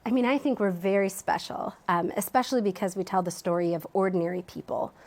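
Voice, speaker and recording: A woman's voice: medium pitch, fast talker, a little mellow. A woman, a museum education director, answering interview questions in a TV studio, thoughtful and with frequent ums and restarts.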